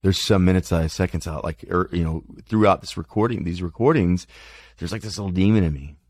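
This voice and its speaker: A man's voice: deep voice, brisk, a little mellow, no echo. A man talking candidly about his life in a rambling, self-deprecating monologue, cursing freely, his mouth dry. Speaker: podcast host.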